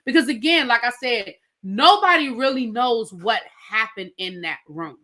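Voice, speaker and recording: Animated female reviewer with a sharp, higher voice, sassy and emphatic, talking straight to her viewers. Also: normal speed. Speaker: TV show reviewer. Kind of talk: casual recap commentary.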